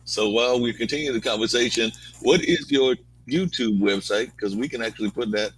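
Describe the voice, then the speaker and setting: A man's voice: mid-range voice, a little fast, a little hiss or hum, rough recording. A male host talking casually, rambling, filling his speech with "like". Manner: rambling, lots of "like". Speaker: show host. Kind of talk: casual chat.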